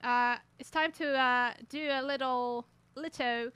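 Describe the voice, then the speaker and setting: A woman's voice: high voice, steady tone, measured pace, over loud music. A young woman chatting playfully on her live stream, giggly and rambling with lots of fillers. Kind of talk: casual live-stream chat.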